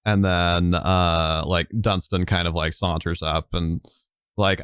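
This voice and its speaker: Male game master, low smooth voice, loose rambling narration. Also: little pitch movement, slow, fairly bright tone, no echo, clean studio sound. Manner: rambling, many fillers.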